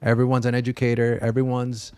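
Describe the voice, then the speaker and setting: A man's voice: mid-range voice, monotone, fast talker, a little mellow, smooth, no room sound. A man co-hosting a casual podcast, talking in a loose, rambling way with many restarts. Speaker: podcast co-host. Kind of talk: casual chat.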